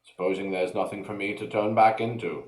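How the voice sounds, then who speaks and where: A man's voice: lowish voice, fairly even intonation, brisk, darkish tone, lightly acted. A man voicing a gloomy, worried male toad who was once a man, muttering fretfully in an echoey room. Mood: worried musing.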